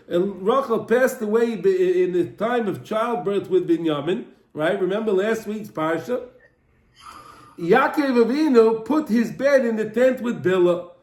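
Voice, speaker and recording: A man with a high voice gives a Torah class in an echoey room. He tells the story with animation, often repeating and restarting his phrases. The room's reverb hangs around his words. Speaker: Torah teacher.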